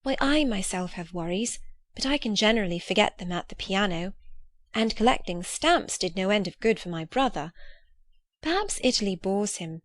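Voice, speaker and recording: A woman's voice: medium pitch, animated, normal speed, no room sound, lightly acted. A woman voicing a polite, flustered young woman with a prim, eager way of talking.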